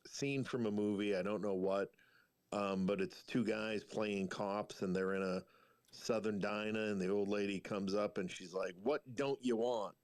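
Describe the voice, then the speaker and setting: A man's voice: on the low side, level tone, moderate pace, smooth, dry recording. A man in a casual chat, wryly retelling a movie scene and voicing its characters. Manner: wry, retells film scenes with put-on voices.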